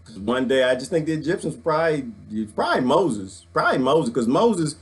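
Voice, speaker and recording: A middle-aged man, ranting excitedly to his viewers, preaching and swinging his handheld mic as he talks. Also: a little high, a little fast. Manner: swings the mic around while talking. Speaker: vlogger. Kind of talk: excited casual rant.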